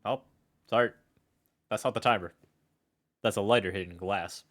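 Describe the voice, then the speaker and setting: A man's voice: fairly low pitch, normal speed, a bit bright. A young man streaming a game live, chatting casually, rambling and stammering with self-mocking jokes.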